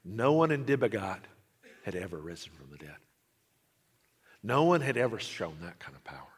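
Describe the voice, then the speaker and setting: A man preaching a sermon, telling a story and swinging between hushed lines and emphatic ones. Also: fairly low pitch, big pitch swings, normal speed, slightly rough. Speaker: pastor. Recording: long reverb of a large hall.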